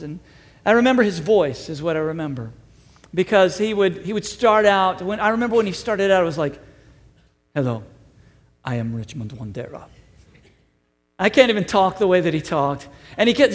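A man with a high, bright voice delivers a chatty, upbeat sermon to his congregation. His voice rings in the long reverb of a church auditorium. He slips in self-deprecating jokes. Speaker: pastor.

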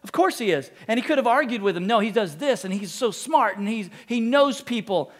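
A man's voice: sits high, expressive, brisk. A man preaching a sermon, telling a story and acting out the quotes in it, with jokes and asides. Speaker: pastor.

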